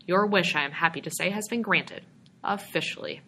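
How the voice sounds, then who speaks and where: A woman's voice: fairly low pitch, moderate pace, bright, forceful tone, a little hiss or hum, low-quality recording. A woman reading aloud, voicing a little middle-aged male stranger who is a patient, coaxing brush peddler. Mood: delighted.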